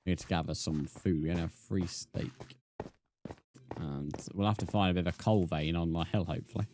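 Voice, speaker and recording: A young man from Britain streams a game in a low, brisk voice against a noisy background. Relaxed and chatty, he reads viewers' messages out loud and answers them, calling them "mate."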